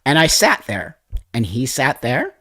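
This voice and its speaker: A man's voice: mid-range voice, a little slow, husky, dry recording. A man in his sixties hosting a livestream, telling a personal story in a loose, emotional, profane way. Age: 60s. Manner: emotional, profane, animated retelling with acted-out quotes. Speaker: livestream host.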